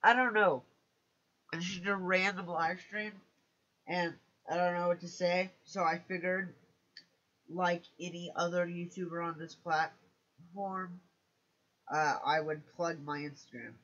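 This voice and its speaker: Slow, self-mocking young-sounding man streaming. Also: sits high, fairly even intonation, bright, forceful tone, lo-fi sound. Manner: hesitant and self-mocking, many restarts. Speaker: YouTuber streaming live. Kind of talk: casual rambling live stream chat.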